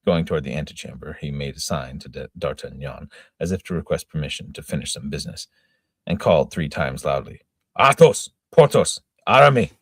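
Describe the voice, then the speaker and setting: Middle-aged man, amateur reader, plain steady delivery, very low husky voice, dry sound. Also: fairly quick, dry recording. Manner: plain and steady, with occasional stumbles. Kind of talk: amateur reading of a classic novel.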